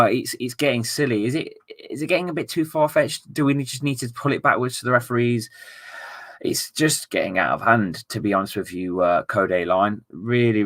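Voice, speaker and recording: A man's voice: mid-range voice, bright, forceful tone. A young man chatting casually on a football live stream, reading viewer messages aloud and laughing often.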